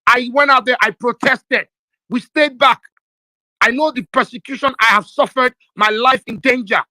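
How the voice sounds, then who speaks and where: A man's voice: very high-pitched, moderate pace, bright, forceful tone, no echo, poor audio. A young Nigerian man with a Nigerian accent, hosting a live audio chat room and arguing with emotion and force. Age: young adult. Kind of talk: heated live debate.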